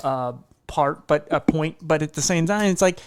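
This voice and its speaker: A man's voice: a little high, normal speed, smooth, dry recording, studio quality. A man hosting a casual podcast conversation, talking in a sarcastic way and swearing freely. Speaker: podcast host.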